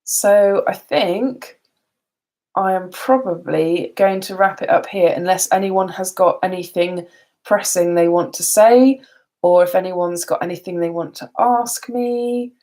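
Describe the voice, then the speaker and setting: Woman, tired, chatty live stream, rambling, slightly low voice. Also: unhurried, dark tone. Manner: chatty and rambling, laughs often. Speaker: beauty vlogger. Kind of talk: casual live stream chat.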